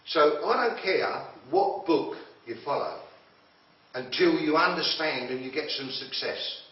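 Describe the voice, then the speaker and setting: A man's voice: a little high, measured pace. A man giving a blunt, confrontational motivational talk to a group, challenging them with questions. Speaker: motivational speaker. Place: room with a group listening. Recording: echoey room, far from mic, dull lo-fi.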